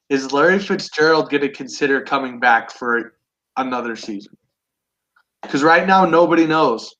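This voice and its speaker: A young man hosting a casual sports chat with friends, eager and quick to restart his sentences. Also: fairly high pitch, sharp tone, muffled recording. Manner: enthusiastic, restarts often. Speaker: sports podcast host. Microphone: online call.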